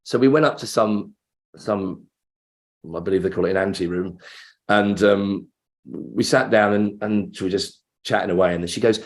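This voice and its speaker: A man's voice: on the low side, normal speed. A man, an actor guest, telling a rambling, self-interrupting story in a casual interview.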